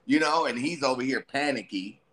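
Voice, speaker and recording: Animated man telling stories. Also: medium pitch, a little fast. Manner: animated, acts out voices of himself and friends. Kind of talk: casual storytelling chat.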